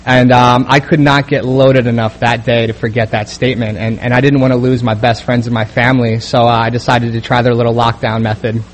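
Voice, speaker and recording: A young man telling his recovery story as a personal testimony, halting with many fillers and restarts. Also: medium pitch, flat delivery, a little hiss or hum. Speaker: speaker sharing a recovery story.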